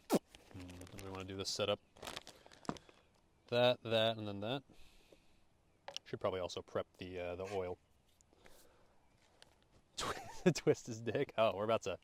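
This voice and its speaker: A man's voice: fairly low pitch, slight background noise. A young American man casually chatting and cooking at an outdoor campground, joking, swearing loosely and thanking his chat. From United States. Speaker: streamer.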